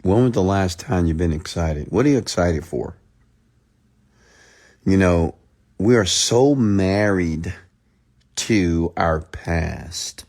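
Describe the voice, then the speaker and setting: A man giving a late-night motivational livestream rant as a mentor, speaking straight to his listeners. He repeats phrases, swinging from loud pleading to a hushed, close tone. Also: deep voice, expressive, takes it slowly, long pauses. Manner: repetitive, direct address to the listener.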